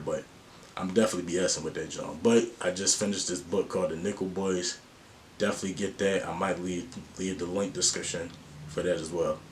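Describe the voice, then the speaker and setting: A man's voice: low voice, darkish tone, a little hiss or hum. A man vlogging life advice in a slangy, earnest and open way. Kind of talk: casual to-camera talk.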